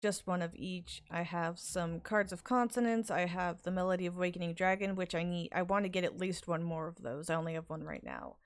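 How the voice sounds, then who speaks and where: A woman's voice: on the low side, fairly quick, few pauses. A woman in casual podcast chat, talking hesitantly with fillers and restarts. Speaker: podcast guest.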